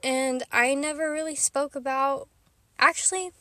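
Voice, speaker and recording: A woman with a high, bright-pitched voice talks straight to camera from inside her car. She rambles in a casual, chatty way, giggling and poking fun at herself. The sound is close and dry, with no room echo. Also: fairly even intonation, a little slow. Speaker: vlogger host. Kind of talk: casual vlog chat.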